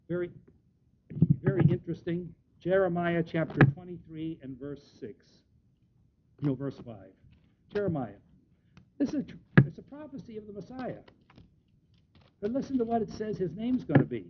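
A high-voiced man teaching from the Bible in a sermon, reading verses slowly and pressing on key words. The recording is dull and lo-fi, with a faint rumble underneath. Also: very animated. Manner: reads scripture slowly, stresses words, restarts often. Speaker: preacher.

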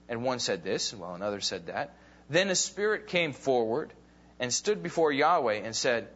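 A man's voice: mid-range voice, expressive, moderate pace, fairly bright tone. A man teaching a Bible class, casually retelling a story with fillers and acting out the quoted lines. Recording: dull lo-fi recording.

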